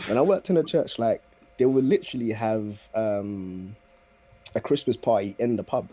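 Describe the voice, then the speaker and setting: Husky joking man. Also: lowish voice, normal speed. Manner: loud, joking, slangy banter. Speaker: podcast regular. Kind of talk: casual chat.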